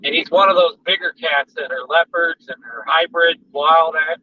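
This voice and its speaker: A man's voice: fairly high pitch, moderate pace. Chatty man rambling on a car ride. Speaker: vlogger. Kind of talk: casual chat while driving. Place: car on a highway. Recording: distant, dull in-car recording with road noise.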